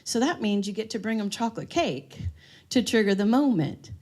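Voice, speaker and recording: In a room full of listeners, a woman presents a live seminar on dementia care, weaving in stories and asking the audience questions. Her mid-range voice is animated and somewhat dark in tone, moving at a normal speed.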